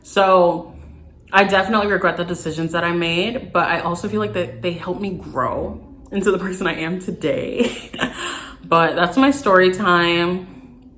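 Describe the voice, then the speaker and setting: A young woman vlogger, telling a storytime in an animated, exasperated way. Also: on the low side, normal speed, slight background noise. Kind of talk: storytime vlog.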